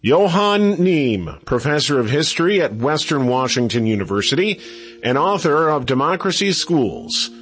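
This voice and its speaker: Lively male narrator. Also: on the high side, moderate pace. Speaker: co-host, narrator. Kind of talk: scripted narration.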